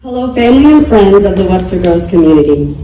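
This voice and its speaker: A young woman delivers an earnest, pleading public speech, heavy with emotion. Her voice is dark and mellow, and it sounds roomy and far from the mic. She speaks with the weight of someone close to tears. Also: mid-range voice, expressive, fast talker. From United States. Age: young adult. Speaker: speaker at a community rally.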